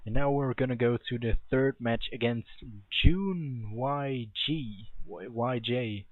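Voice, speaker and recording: A man's voice: mid-range voice, takes it slowly, dry recording. A man casting a strategy game replay alone, opinionated and thinking aloud with restarts. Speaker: game commentator. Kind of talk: solo replay commentary. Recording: tinny lo-fi mic, dry.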